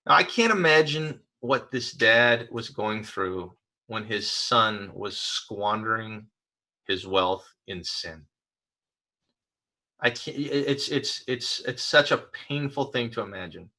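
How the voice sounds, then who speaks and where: He takes his time, a pastor with a fairly low voice giving a chatty sermon built on personal stories. Fillers and restarts run throughout his relaxed, hesitant manner, and the recording is low in quality.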